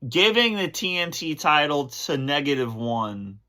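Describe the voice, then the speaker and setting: A man speaks slowly and haltingly, stopping often to restart his sentences. His voice is bright and forward. He is emotional as he answers fan questions for his channel. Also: a little high, sing-song. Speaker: channel host.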